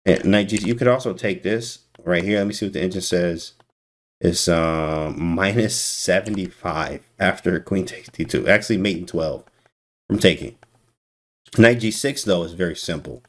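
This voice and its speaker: Animated male chess streamer, slightly low voice. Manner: animated, teasing, talks to chat. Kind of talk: casual live-stream chess commentary.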